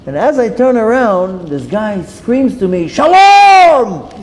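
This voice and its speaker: A man telling a personal story, animated and acting out the dialogue in different voices. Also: high-pitched, a little slow. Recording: echoey hall with faint noise.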